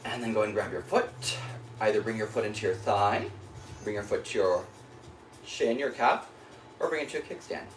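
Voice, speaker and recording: A man's voice: fairly low pitch, normal speed, pauses often, a little hiss or hum. Breathless male yoga teacher in an echoey studio. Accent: American. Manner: calm cueing of breath and poses, breathy while moving through the flow. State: short of breath. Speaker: yoga instructor. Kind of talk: guided yoga class cues.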